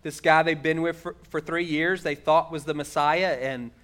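This is a middle-aged man delivering a sermon, his voice sitting a little higher than most men's. He preaches in an earnest, conversational way and slows down to lean on the points he wants to land. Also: fairly even intonation, a bit bright. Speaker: pastor.

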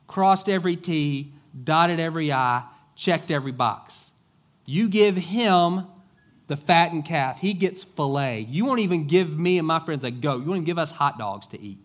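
A man's voice: a little high, expressive, normal speed, pitched above the performer's own voice, natural voice. A man voicing a resentful, dutiful older brother, a young man complaining indignantly to his father.

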